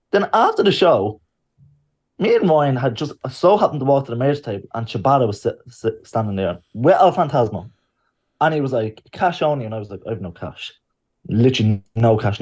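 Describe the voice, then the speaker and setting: A man, a podcast co-host telling a story in casual chat and acting out the lines of the people in it. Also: mid-range voice. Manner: lively storyteller, acts out quotes.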